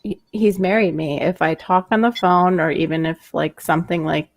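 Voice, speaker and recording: A woman hosting a late-night livestream, chatty, getting louder when she gets excited. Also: fairly low pitch, moderate pace, gravelly, no echo. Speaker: livestream host. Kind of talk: casual chat.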